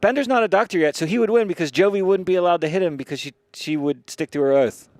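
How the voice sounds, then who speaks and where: Excitable, foul-mouthed male podcast host. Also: sits high, fast talker, no room sound, studio quality. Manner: excitable, profane, rambling and self-amused. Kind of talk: casual comedic chat.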